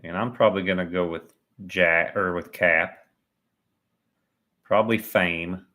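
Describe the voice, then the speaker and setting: A man's voice: low voice, fairly even intonation, unhurried, bright, forceful tone. A man doing chatty, self-mocking live commentary on a sporting event. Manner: chatty and joking, laughs at himself. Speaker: livestream commentator.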